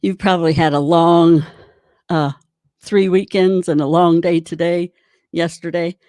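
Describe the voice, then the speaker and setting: A woman's voice: fairly low pitch, steady tone, a little slow, dark tone, no room sound, clean studio sound. A woman giving an online drum clinic, chatty and encouraging while she demonstrates rudiments. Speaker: drum instructor.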